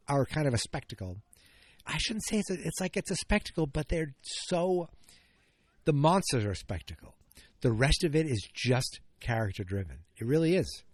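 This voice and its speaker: A middle-aged man talks alone into a podcast microphone at a middle pitch, rambling and circling back on himself. His voice is close and dry with no room sound. He gets openly emotional as he chats. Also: darkish tone, dry recording. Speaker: podcast host. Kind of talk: solo casual podcast chat.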